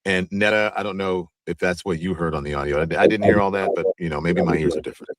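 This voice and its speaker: A man's voice: low voice, quick pace, no echo. A man hosting a livestream talk show, speaking casually and loosely, often stopping and restarting his sentences. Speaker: show host.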